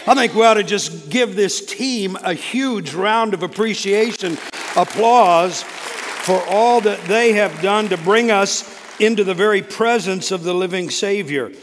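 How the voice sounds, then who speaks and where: A man's voice: high-pitched, a little slow, big-room sound, a faint crowd, slight background noise. A man from the American South with a faint Southern accent, preaching as a guest speaker in a church, exclamatory and full of restarts. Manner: warm, exclamatory, frequent restarts. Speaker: guest preacher, state coordinator. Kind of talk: church sermon. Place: church sanctuary.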